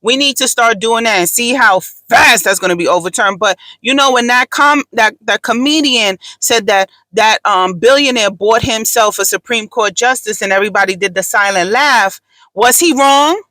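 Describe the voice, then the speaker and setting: A woman's voice: fairly high pitch, normal speed, sharp tone, no room sound, rough recording. A woman hosting a podcast, talking in a casual, blunt and profane way, with emphatic storytelling. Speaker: podcast host.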